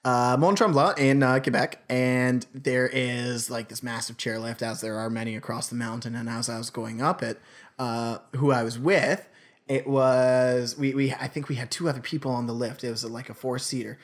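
A man's voice: medium pitch, steady tone, moderate pace. A man in easygoing podcast banter, with an everyday mid-range voice. He rambles through stories in a playful way and keeps dropping into silly impressions. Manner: storytelling, playful, puts on accents. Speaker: podcast co-host. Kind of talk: casual comedic chat.

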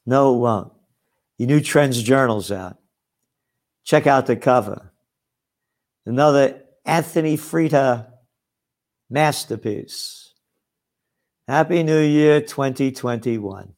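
A man's voice: medium pitch, takes it slowly, pauses often. An older man, a trend forecaster, delivering a sarcastic, scornful ranting monologue full of name-calling.

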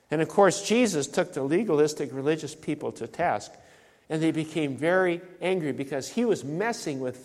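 A pastor preaching a sermon, emphatic and repeating key phrases for stress. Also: male voice, on the high side, darkish tone, long reverb tail. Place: church sanctuary.

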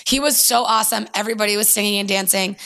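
Bright, gravelly young woman telling a story. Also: medium pitch, fast. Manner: animated storytelling, acts out quoted voices. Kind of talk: casual chat.

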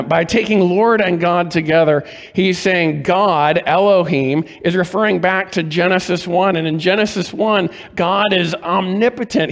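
A man preaching a sermon as pastor, measured and deliberate, asking rhetorical questions of his congregation. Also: high voice, creaky, big-room sound.

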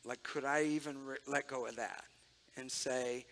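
A man's voice: mid-range voice, fairly even intonation, moderate pace, a bit bright, a little hiss or hum. A man giving an emotional, conversational sermon-style testimony, speaking directly to his audience.

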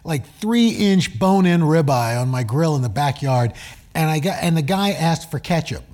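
A man interviewing a guest on stage before a live audience, trading teasing, wry jokes in a relaxed conversation. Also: a little high, moderate pace. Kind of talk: casual onstage conversation.

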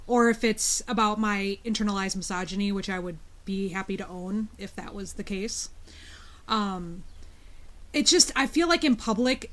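A woman co-hosting a podcast, frank and opinionated as she tells stories casually. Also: medium pitch. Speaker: podcast co-host; teacher. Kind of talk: casual discussion.

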